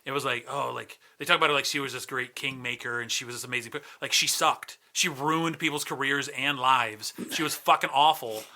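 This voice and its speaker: A man's voice: mid-range voice, fairly even intonation, a little fast, few pauses, sharp tone. A man in his forties, a comedian guest chatting casually on a podcast, profane and sarcastic. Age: 40s.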